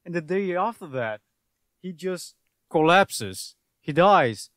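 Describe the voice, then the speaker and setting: Man, podcast co-host, slow, emotional, halting, fillers, dry sound. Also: high voice, animated, fairly bright tone, dry recording. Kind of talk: casual chat.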